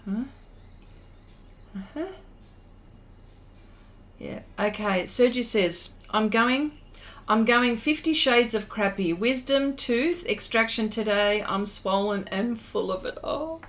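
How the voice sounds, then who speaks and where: A woman's voice: on the high side, slow, long pauses, fairly bright tone. A middle-aged Australian woman hosting an art livestream, chatting casually and laughing often while reading out viewer comments.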